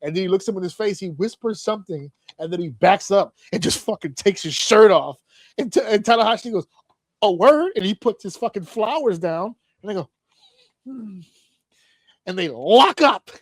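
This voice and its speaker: Man, podcast host, casual chat, animated storytelling, profane, slightly high voice. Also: a little fast, dry recording.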